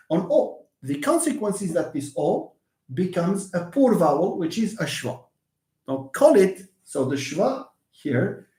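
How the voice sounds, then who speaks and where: A man's voice: high voice, dark tone. Male English lecturer, explanatory and repetitive, roomy echo on the mic. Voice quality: switches between English and Moroccan Arabic. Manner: explanatory, repeats words, answers viewer questions. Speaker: English teacher. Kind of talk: live online lecture. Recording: echoey room.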